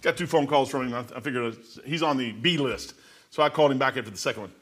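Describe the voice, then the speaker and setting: A middle-aged man preaching a sermon in a folksy, storytelling way, dropping to quiet asides and rising to loud exhortation. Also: mid-range voice, fast talker. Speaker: pastor.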